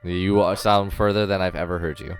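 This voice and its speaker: A man's voice: low-pitched, steady tone, fairly quick, over music. A man playing a tabletop game on a voice call, hesitant and apologetic, often stammering and restarting. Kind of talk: casual game chat with in-character asides.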